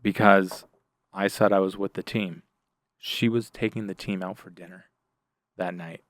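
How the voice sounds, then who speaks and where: A man's voice: deep voice, a little slow, no echo. A middle-aged man, a guest on a podcast, telling war stories in casual talk, acting out the people he quotes. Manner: animated, acts out the voices of people in his stories; many fillers and restarts. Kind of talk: casual storytelling in a podcast interview.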